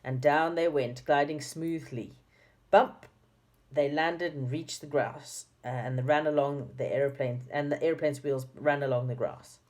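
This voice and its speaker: Woman, low voice, reads a kids' chapter book aloud with friendly asides. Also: fairly even intonation, measured pace, darkish tone. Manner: chatty asides to young listeners. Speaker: storybook reader. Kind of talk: reading a children's book aloud.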